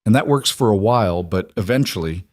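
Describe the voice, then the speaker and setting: Calm, practical single father, voiced by a male narrator; low, reassuring, dry close recording. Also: fairly quick, no room sound. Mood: gentle.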